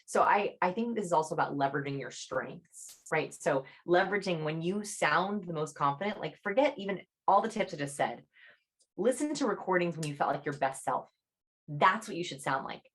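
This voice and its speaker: A young adult woman, a chatty author speaking as a podcast guest over a video call, animated and peppering her talk with "like". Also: brisk, husky. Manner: animated, demonstrates her voice high and low; chatty, fillers like "like". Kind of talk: podcast interview.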